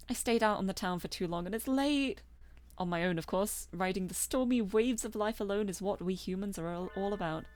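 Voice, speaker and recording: A woman's voice: medium pitch, moderate pace, soft background music. A woman streamer reading a visual novel aloud, playful and self-mocking.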